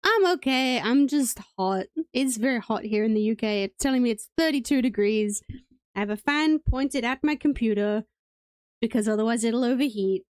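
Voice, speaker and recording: A woman's voice: a little high, normal speed, darkish tone, clean tone, no echo, studio quality. A woman from Wales with a British accent, chatting playfully and rambling through live gameplay commentary as a streamer. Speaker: game streamer.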